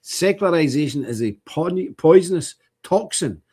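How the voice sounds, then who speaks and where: Husky Scottish man preaching blunt opinions. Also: on the high side, animated, normal speed, warm tone. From Scotland. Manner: emphatic, repetitive, blunt. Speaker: livestream host. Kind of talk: preachy livestream monologue. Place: indoor chapter house with open fire.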